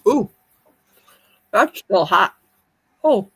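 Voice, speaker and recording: A woman's voice: medium pitch, expressive, drawn-out words, a bit bright, husky, no room sound. A woman chatting casually on a live stream, eating as she talks and reading viewer comments aloud in her kitchen. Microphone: streaming mic.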